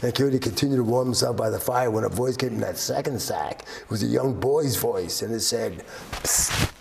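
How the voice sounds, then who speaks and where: A man telling a folktale as a guest storyteller, rhythmic and repetitive, building excitement. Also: mid-range voice, fairly quick, creaky, recorded from a distance, noisy background.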